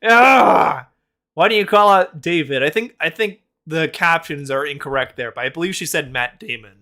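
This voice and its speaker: A man's voice: a little high, fairly quick, bright, forceful tone. A man hosting a casual reaction video, blunt and mocking, swearing and laughing often. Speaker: host.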